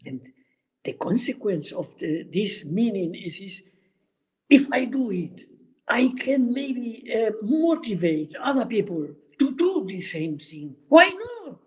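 A man in his nineties, answering interview questions haltingly with many hesitant fillers while he searches for words. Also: sits high, very animated, a little mellow, poor audio. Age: 90s. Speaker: guest hiker.

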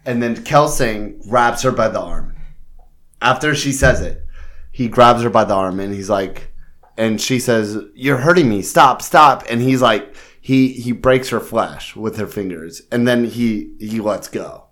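A man co-hosting a casual podcast, talking slowly and deliberately as he walks through a novel's plot. He slips into quick acted-out voices for the characters he quotes. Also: lowish voice. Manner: slow, animated retelling with acted-out quotes. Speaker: podcast co-host. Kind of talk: casual chat recapping a novel.

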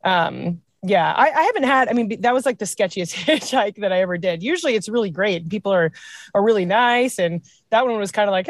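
A woman from Washington state, a comedy writer and podcast guest, telling wild trail stories in a casual, animated way, laughing often and acting out quotes. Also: mid-range voice, brisk, dry recording. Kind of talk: casual storytelling chat.

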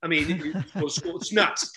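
An energetic middle-aged man telling stories as a podcast guest, acting out the people he quotes. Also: fairly high pitch, fairly quick, a little hiss or hum. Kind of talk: animated storytelling.

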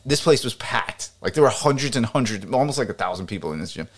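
Lively-pitched man telling a story. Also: fast. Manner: animated, laughs often, trails off into asides. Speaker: podcast co-host. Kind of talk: casual chat, storytelling.

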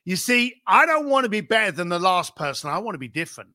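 High, bright-voiced man telling stories emphatically. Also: very animated, quick pace, no room sound, studio quality. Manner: emphatic, repeats rhetorical questions, casual swearing. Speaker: podcast guest. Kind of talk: animated business storytelling.

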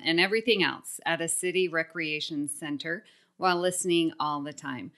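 A woman's voice: on the low side, fairly bright tone. A woman hosting a casual podcast, upbeat, laughing often and reading listener mail aloud. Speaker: podcast host.

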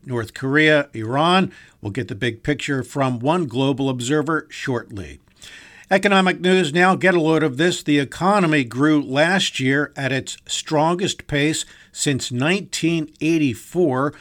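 A man's voice: a little high, fairly bright tone. A male news anchor reading scripted news with a punchy, emphatic delivery.

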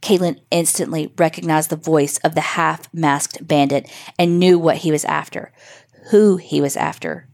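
Woman reading a creepy kids story, lowish voice, slow and suspenseful. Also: fairly even intonation, creaky, darkish tone. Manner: measured, suspenseful. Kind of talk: scripted spooky story narration for children.

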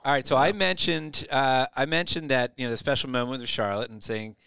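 A man's voice: medium pitch, steady tone, fairly quick, creaky, pushed and bright, clear, resonant tone, no echo. A man hosting a podcast, telling a long story in casual sports chat and checking in with "right?" as he goes. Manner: rambling storyteller, keeps asking "right?". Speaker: podcast host.

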